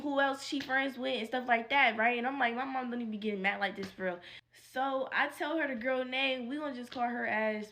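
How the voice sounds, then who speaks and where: A woman vlogger telling a casual storytime, animated and profane, with constant "like" fillers. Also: sits high.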